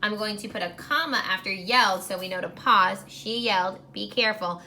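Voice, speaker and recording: A woman teacher giving a recorded grammar lesson to young students, clear and encouraging, slowing down while she writes on a whiteboard. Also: mid-range voice, bright, forceful tone, slight background noise.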